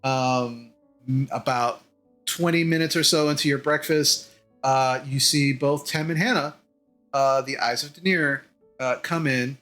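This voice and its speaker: A man's voice: mid-range voice, a little slow, a bit bright, faint music behind. A man narrating a tabletop game as game master, hesitant with many fillers.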